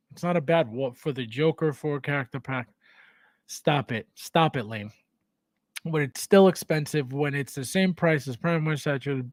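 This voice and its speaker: High-voiced animated man hosting a livestream. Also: dry recording. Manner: animated, repetitive, stammering restarts, laughs often. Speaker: livestream host. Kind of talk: casual live chat reading viewer comments.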